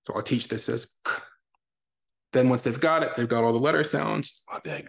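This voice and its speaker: Energetic man teaching letter sounds. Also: mid-range voice, normal speed, creaky. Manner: energetic, explains with sound examples. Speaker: reading educator. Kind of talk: virtual lesson Q&A for parents. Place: lives in Texas.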